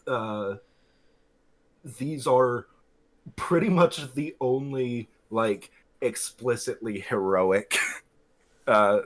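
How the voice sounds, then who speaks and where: A man chatting casually with a friend on stream, with many fillers, laughing and swearing. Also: mid-range voice. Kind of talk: casual chat.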